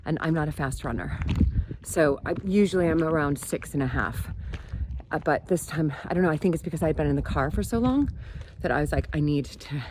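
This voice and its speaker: An American woman chatting casually to viewers in a vlog, excitable as she shows her kitchen garden. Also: low-pitched, brisk, background noise. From United States. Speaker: vlogger.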